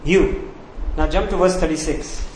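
A man's voice: fairly high pitch, lively intonation, measured pace. A man preaching a sermon, asking rhetorical questions and repeating key words for emphasis. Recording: echoey room, faint background noise.

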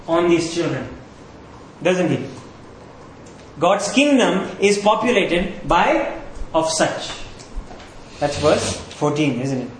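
A man with a voice that sits high delivers a sermon as a pastor, speaking in an earnest, conversational way and often checking in with his listeners. There's a slight hiss or hum, and the recording has a roomy echo.

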